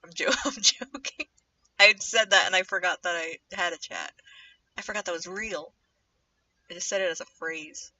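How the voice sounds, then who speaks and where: Sharp-voiced young woman rambling on stream. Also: normal speed, no echo, recorded from a distance. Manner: rambling and chatty, drifting into low muttering to herself. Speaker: streamer animating live. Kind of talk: casual livestream chat while drawing. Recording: dull lo-fi mic set back from the speaker.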